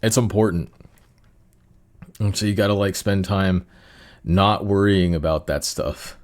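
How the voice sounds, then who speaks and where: A man's voice: sits low, steady tone, measured pace. A young man hosting a solo podcast, rambling casually with many fillers and restarts. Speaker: podcast host.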